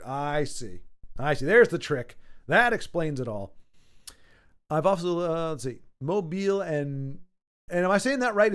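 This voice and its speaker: A man's voice: fairly high pitch, lively intonation, normal speed, smooth. A man hosting a livestream, chatting in a rambling way and reading viewer messages aloud, his voice a little worn. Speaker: livestream host. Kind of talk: casual livestream chat.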